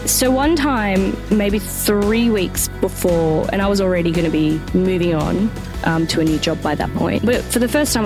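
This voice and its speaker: A woman co-hosting a casual podcast chat. She tells her story in a rambling, friendly way, laughs easily and swears freely. Music plays clearly behind her. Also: lowish voice. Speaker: podcast co-host.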